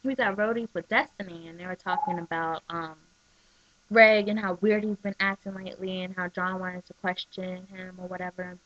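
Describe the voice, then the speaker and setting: A woman in casual chat, talking excitably with lots of "like" and "um" as she recaps a soap episode on her webcam. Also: on the low side, moderate pace. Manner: chatty and excitable, full of "like" and "um". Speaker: soap opera recap vlogger. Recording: dull lo-fi webcam audio.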